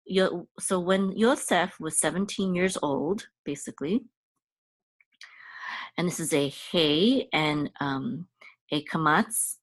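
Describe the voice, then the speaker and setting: A woman's voice: deep voice, no echo. A woman giving a casual Hebrew reading lesson, patiently sounding out syllables and repeating words, with frequent fillers and self-corrections. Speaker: Hebrew teacher.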